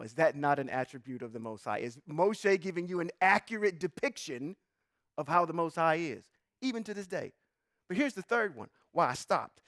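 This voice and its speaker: Guy teaching scripture like a sermon, reads slow then gets fired up, high voice. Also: a bit bright, no echo, clean studio sound. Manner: reads scripture slowly, then preaches with rising emphasis; talks to the audience directly, asking questions. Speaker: Bible teacher.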